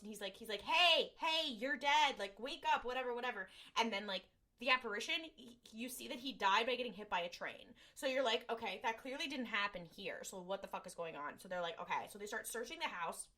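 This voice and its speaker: Bright-voiced woman rambling through a recap. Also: mid-range voice, fast talker. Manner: rambling, lots of "like" and "um", acts out lines. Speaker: podcast co-host. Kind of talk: casual recap chat.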